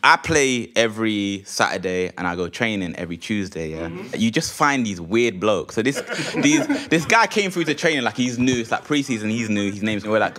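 Lively young London man spinning a yarn. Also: lowish voice. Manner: conversational, slangy, quick asides. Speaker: podcast co-host. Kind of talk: comedic storytelling.

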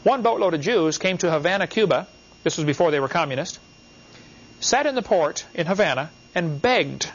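A man with a fairly high, expressive voice lectures a class at a moderate pace, speaking emphatically in short repeated phrases and asking the students questions. The class recording sounds dull and lo-fi.

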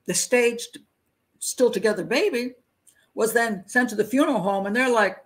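A woman's voice: a little high, normal speed, poor audio. Middle-aged woman reading crime news. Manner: reads news aloud with stumbles and asides; breaks into nervous laughter at grim details. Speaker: host of a crime profiling show. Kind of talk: live patron hangout commentary.

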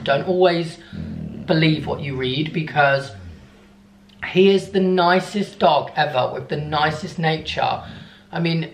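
A man's voice: fairly high pitch, slight background noise. Upset young man, echoey vlog. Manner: animated, upset storytelling, cooing softly to his dog. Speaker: vlogger. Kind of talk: casual vlog chat. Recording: echoey room.

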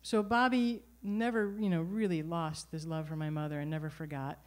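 A middle-aged woman telling a personal story live at a venue, animated and wry. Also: sits low, moderate pace. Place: performance venue.

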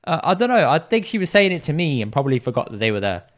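A man co-hosting a podcast, telling a story in animated, casual chat. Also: on the high side. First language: Punjabi. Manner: animated storytelling, quick and lively. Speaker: podcast co-host.

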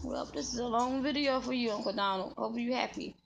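A young woman filming a casual home vlog, playfully teasing and loudly calling out to toddler twins. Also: on the high side, brisk, vocal fry, lo-fi sound, a little hiss or hum. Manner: playful teasing, loud call-outs to small children.

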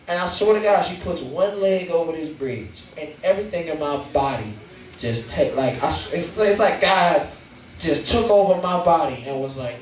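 A young man with a St. doing profane, animated stand-up storytelling. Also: a little high, normal speed, heavy reverb, recorded from a distance. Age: young adult. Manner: animated, profane, acts out scenes. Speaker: stand-up comedian. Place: comedy stage in a live venue.

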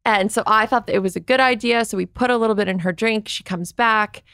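A woman's voice: on the high side, fairly quick, fairly bright tone, smooth, dry recording, studio quality. A woman guest on a podcast, telling candid stories in a chatty way, filling her speech with "like" and acting out what people said. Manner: chatty, fills speech with "like", acts out quoted voices. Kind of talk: candid storytelling.

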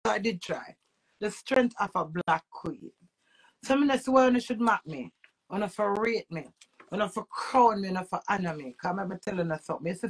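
A woman with a Jamaican accent ranting to camera as a social media personality, emphatic and preachy, swinging between loud outbursts and low muttering. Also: creaky, husky.

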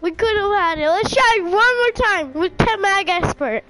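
Very high, lively teasing female gamer. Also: normal speed, a little hiss or hum, low-quality recording. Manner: teasing, yelps and mimics her friend. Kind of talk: casual gameplay chat.

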